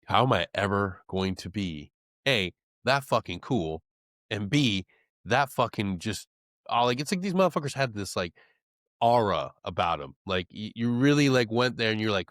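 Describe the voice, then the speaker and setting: A man hosting a podcast, talking in a casual, profane, animated way. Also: fairly low pitch, moderate pace, no room sound, studio quality. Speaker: podcast host. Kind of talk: casual conversation.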